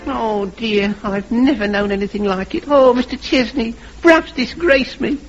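A man's voice: extremely high pitch, moderate pace, loud music behind the voice, voice pushed up. A man voicing a cheeky, sulky young schoolboy in a 1950s radio comedy. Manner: cheeky and wheedling. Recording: hissy, muffled old radio recording.

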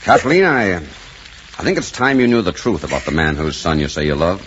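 A stern older uncle, formal and commanding, as him in a 1940s radio drama. His low voice swings widely as he lays down the law. The old broadcast sounds dull, with a faint hiss. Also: very animated, brisk, a bit bright. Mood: grave.

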